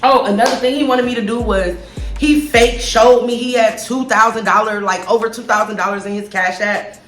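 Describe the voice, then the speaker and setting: A woman vlogger telling a casual story, animated, blunt and profane, talking straight to her viewers. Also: on the high side, moderate pace. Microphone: phone. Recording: roomy echo with faint music.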